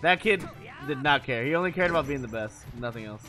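Male streamer, casual chat, swinging expressive pitch, bright edgy tone, laughs a lot, curses freely. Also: brisk, faint music behind. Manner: animated, profane, laughs often. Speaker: gaming streamer.

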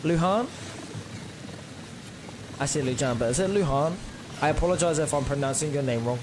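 Young kiwi guy on a gaming stream, slangy and chill, kinda high voice, noisy background. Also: fairly quick. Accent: New Zealand. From New Zealand. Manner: laid-back slang, reads out chat names. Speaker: livestreamer. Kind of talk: casual gaming livestream chat.

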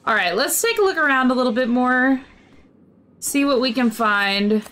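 A woman playing a video game and talking through it in casual, excitable commentary, often flustered and startled. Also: high voice, normal speed, slight background noise. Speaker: gaming streamer. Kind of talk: casual let's-play commentary.

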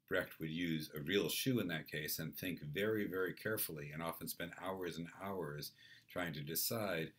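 A man giving a university lecture on theatre in a clear, measured, explanatory way. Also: deep voice, fairly bright tone.

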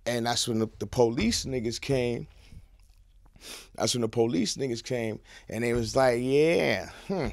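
A man telling a story in a casual podcast interview, swinging from hushed to shouting. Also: mid-range voice, expressive, unhurried, creaky, no room sound, clean studio sound. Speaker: guest. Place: podcast studio.

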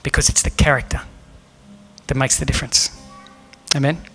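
A man's voice: medium pitch, flat delivery, fairly quick, creaky, fairly bright tone, faint music behind. A man preaching a sermon as pastor in a church, earnest and emphatic, asking the room rhetorical questions. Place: church hall.

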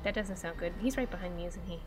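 A woman's voice: on the low side, fast, very noisy. A young woman streaming a horror game, giggling and easily spooked as she comments on her play.

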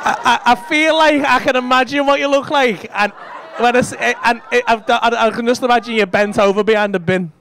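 Crude comedian teasing a laughing crowd. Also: male voice, very high voice, fairly even intonation, a little fast, background noise. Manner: crude, teasing banter with the audience. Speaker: stand-up comedian. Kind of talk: crowd work. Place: comedy club stage before a live audience. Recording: live club recording with loud crowd laughter.

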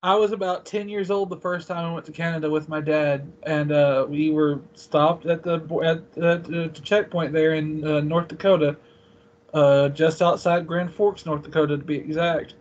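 A man with a somewhat high voice speaks as a guest in a casual interview. He tells laid-back stories that wander and ramble as he goes. The call audio sounds dull and lo-fi. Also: steady tone, normal speed.

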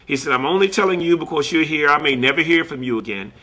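A man, a collector, slowly retelling a story in earnest with many quoted back-and-forth exchanges. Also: on the high side, expressive, pushed and bright. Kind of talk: recorded personal storytelling.

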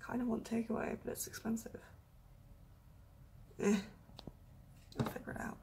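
A woman's voice: a little high, lively intonation, measured pace, long pauses, slight background noise. Chatty young woman vlogging. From United Kingdom. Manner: chatty, self-deprecating, often drops to a hushed whisper. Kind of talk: casual vlog chat. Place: indoors in a small warm room, then outdoors in snow and wind. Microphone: handheld camera mic.

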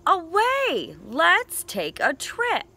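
A woman voicing an eager, adventurous male duck in a children's storybook, with an excited, bouncy delivery. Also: very high-pitched, very slow, gravelly, voice pushed up, exaggerated voice.

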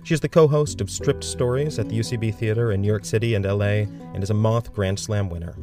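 A man's voice: lowish voice, fairly quick. A man hosting a podcast, reading a scripted outro and credits in a dry, plain way. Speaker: podcast host. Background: guitar music.

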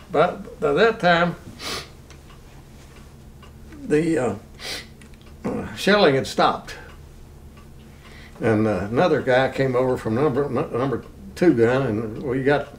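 A man's voice: medium pitch, recorded from a distance, a little hiss or hum. Older Texan man recounting a war story. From Texas. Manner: plain unhurried recounting, chuckles at own story. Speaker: interviewee, war veteran. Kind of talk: oral history storytelling.

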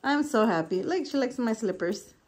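A woman's voice: on the high side, lively intonation, moderate pace, a little mellow, slight background noise. A woman in her forties chatting casually to camera at home, gushing and fond, using baby talk with her dogs. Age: 40s. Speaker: lifestyle vlogger. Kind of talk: casual vlog chat to camera.

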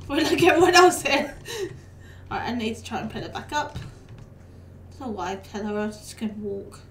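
Young woman, high voice, game streamer, chatty and laughing, a bit off-mic, echoey room. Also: animated, recorded from a distance, a little hiss or hum. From United Kingdom. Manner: chatty, quick to laugh, talks back to the game. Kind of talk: casual live-stream chat.

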